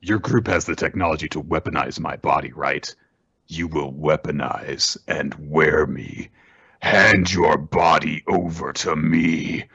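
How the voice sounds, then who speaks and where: A man voicing a menacing, battle-hungry male kaiju monster, speaking slowly and low. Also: vocal fry, a bit bright, slightly rough, no room sound, dull audio, full character voice. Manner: slow, low, measured delivery.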